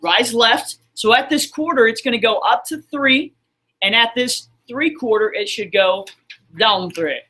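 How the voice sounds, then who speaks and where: Speaking at a measured pace in a very high-pitched voice, a man sounds pushed and bright. He's teaching a math class streamed online from a classroom, quizzing his students in an upbeat, encouraging way.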